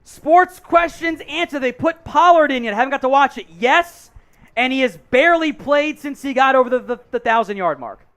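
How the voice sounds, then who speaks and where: A man hosting a live sports watch-along, calling plays with excited bursts between chatty asides. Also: extremely high pitch, moderate pace, clear, resonant tone. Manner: excited play-by-play calls mixed with chatty asides. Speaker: host.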